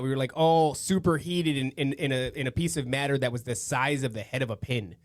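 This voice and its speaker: A man hosting a casual podcast chat, talking in an animated, slangy way and acting out what others say. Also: medium pitch, fairly quick. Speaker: podcast host. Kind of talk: casual conversation.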